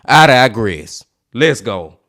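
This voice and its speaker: A man's voice: medium pitch, very animated, takes it slowly, background noise. A man hosting a reaction video, talking in a blunt, profane, exasperated way as he comments on what he watches.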